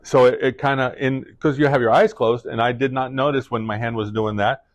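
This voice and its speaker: A middle-aged man speaking to a class, telling a personal story in a halting way full of restarts and fillers. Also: mid-range voice, fairly even intonation, no echo. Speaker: guest speaker.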